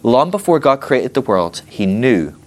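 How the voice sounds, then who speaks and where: A man teaching a Bible class in a playful, animated way, acting out little scenes with humor. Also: medium pitch, measured pace.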